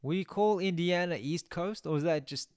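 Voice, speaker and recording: A man's voice: high voice, normal speed, darkish tone, clear, resonant tone, no room sound, studio quality. A young man chatting casually on a game live stream, reading out viewer comments and musing aloud.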